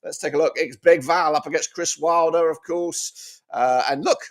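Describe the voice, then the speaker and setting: A man's voice: a little high, steady tone, normal speed. A man hosting a casual football match preview, chatty and exclamatory, talking to his viewers as guys. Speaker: football fan channel host.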